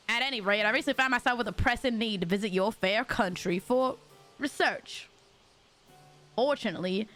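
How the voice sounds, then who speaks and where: A woman's voice: on the high side, fairly bright tone. A woman voicing a flamboyant, pompous male fantasy writer in a fake Southern drawl, reading game dialogue aloud. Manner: theatrical, grandiose.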